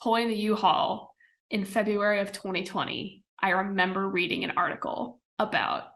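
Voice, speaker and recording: A woman's voice: medium pitch, fairly even intonation, moderate pace, creaky, a bit bright. A young woman from the American Midwest, a podcast guest talking casually with lots of fillers and little laughs. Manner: chatty, many fillers and laughs. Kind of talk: casual interview chat.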